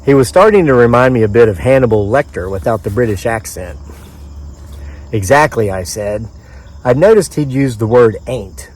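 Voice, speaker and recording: Author-narrator, male, from the US mid-Atlantic, outdoors in the woods; dry, chatty storyteller with offhand asides, average pitch. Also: darkish tone. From mid-Atlantic United States. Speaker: author reading his own story.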